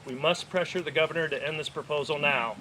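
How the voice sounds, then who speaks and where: A man's voice: on the high side, fast talker, heavy background noise. A man from Florida, a local business owner, giving an earnest prepared speech at an outdoor park rally.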